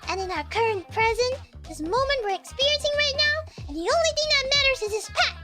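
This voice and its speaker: A woman's voice: very high voice, lively intonation, fairly quick. A woman voicing a mischievous, bratty teenage schoolgirl who teases and whines in a giggly way. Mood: cheeky. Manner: teasing, whiny, giggly. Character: mischievous bratty teen schoolgirl, cheeky and carefree. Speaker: streamer reading game dialogue. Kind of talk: voicing game story dialogue. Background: background music.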